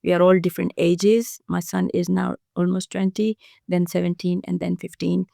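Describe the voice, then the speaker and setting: Low, gravelly-voiced foster carer woman. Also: little pitch movement, warm tone, no echo, clean studio sound. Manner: earnest, halting with frequent fillers and restarts. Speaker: foster carer, podcast guest. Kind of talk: casual podcast conversation.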